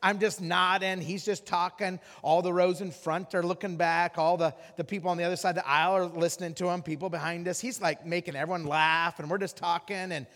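High-voiced preacher in a reverberant hall. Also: male voice, fairly quick, hardly any pauses. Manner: animated, acts out loud voices in anecdotes, frequent restarts. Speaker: guest preacher. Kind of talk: sermon storytelling.

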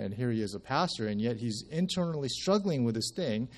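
A man's voice: medium pitch, fairly quick, hardly any pauses, a little mellow. Conversational man telling a church story. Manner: conversational storytelling with many restarts, acting out quoted speech. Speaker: church member sharing at a service. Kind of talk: casual church testimony.

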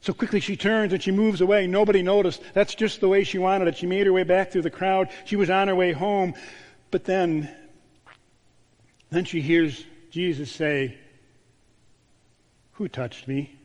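A man's voice: sits high, steady tone, moderate pace. Male pastor preaching in a reverberant hall. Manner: storytelling, dropping to a hushed voice on key words. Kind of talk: sermon. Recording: long church reverb.

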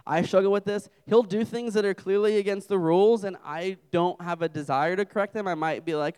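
A man's voice: sits high, a little fast, hardly any pauses, darkish tone, clean tone. A young adult man preaching a humorous sermon to a campus group, telling self-deprecating stories as a father. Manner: joking, self-deprecating storyteller.

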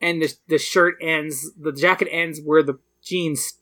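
A man's voice: fairly high pitch, fairly even intonation, unhurried, pushed and bright. A man co-hosting a casual podcast, talking with enthusiasm and lots of fillers. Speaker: podcast co-host. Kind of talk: casual chat.

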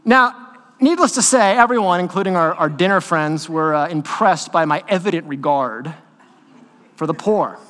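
A man preaching a sermon as pastor, talking in a conversational, animated way with quick asides to the congregation. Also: on the high side. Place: church sanctuary. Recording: long hall reverb in a church.

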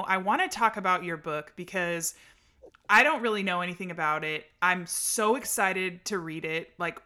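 A woman's voice: mid-range voice, sharp tone. A woman in her thirties hosting a podcast, enthusiastic and affirming in casual chat. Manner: enthusiastic, affirming, many fillers. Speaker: podcast host.

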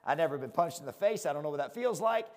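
Lively country-accented preacher in a reverberant hall. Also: male voice, fairly high pitch, fast. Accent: rural American country. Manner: fired-up, self-deprecating, keeps asking "right?". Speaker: pastor. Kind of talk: conversational sermon.

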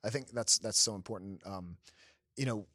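A man's voice: on the low side, moderate pace, pushed and bright, no room sound, clean studio sound. A man hosting a podcast, talking earnestly in a casual faith conversation, restarting often and laughing easily. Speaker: podcast host.

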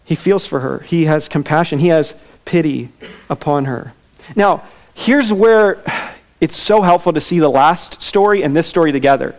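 A man preaching a sermon in a relaxed, conversational way, with casual fillers and asides. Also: fairly high pitch, normal speed. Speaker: pastor.

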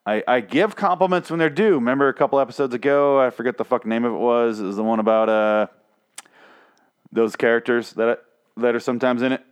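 A man's voice: medium pitch, fairly quick, smooth. A man hosting a TV review show, ranting in a casual, exasperated way, swearing often and restarting his sentences. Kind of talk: casual profane rant.

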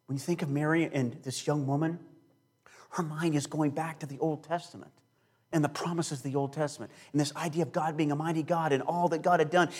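Man preaching with dramatic emphasis. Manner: emphatic preaching with big swings in loudness and pitch; slows and stretches key words for emphasis. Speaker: pastor. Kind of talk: sermon.

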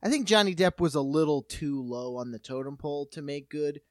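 A man's voice: fairly high pitch, brisk, dry recording, studio quality. A young man co-hosting a comedy podcast, making sardonic quips and laughing at his own jokes. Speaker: podcast co-host. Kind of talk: casual comedic banter.

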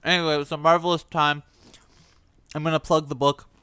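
A young man co-hosting a podcast, chatting in a relaxed, easygoing way. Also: on the high side, brisk, smooth. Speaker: podcast co-host. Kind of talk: casual chat.

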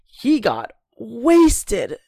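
A woman's voice: on the high side, drawn-out words, gravelly, breathy edge, dry recording, clean studio sound. A young woman co-hosting a podcast, telling a long story in casual chat, acting out what people said and laughing often. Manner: animated storyteller, acts out quotes, laughs often. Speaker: podcast co-host.

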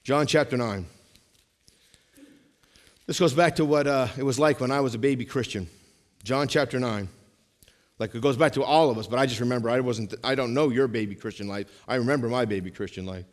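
A man's voice: mid-range voice, a little fast, pauses often. Preaching man in a reverberant hall. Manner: animated preaching, swings between loud emphasis and hushed asides, repeats lines. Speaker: pastor. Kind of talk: sermon.

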